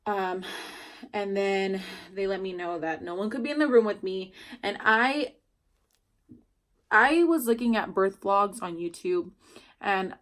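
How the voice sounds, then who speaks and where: Chatty young woman telling a story. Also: medium pitch. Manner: chatty, rambling, many "like" fillers. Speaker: new mother telling her birth story. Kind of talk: casual storytelling to camera.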